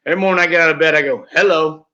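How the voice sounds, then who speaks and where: A man's voice: on the high side, racing, pushed and bright. A man, a guest in a casual interview, talking in a heartfelt, rambling way with many fillers and restarts. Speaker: real estate team leader, guest. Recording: dull lo-fi audio.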